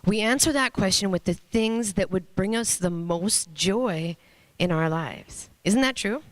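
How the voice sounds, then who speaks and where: A woman in her thirties giving an earnest, storytelling motivational talk on stage, pausing for emphasis. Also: medium pitch, dry recording. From Minnesota, USA. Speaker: motivational speaker. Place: stage before an audience.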